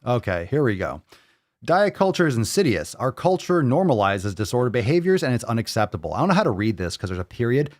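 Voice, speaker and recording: A man's voice: mid-range voice, big pitch swings, quick pace, no room sound, studio quality. Sarcastic, swearing male podcast host. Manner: sarcastic, profane, mocking. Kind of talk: live-streamed podcast rant.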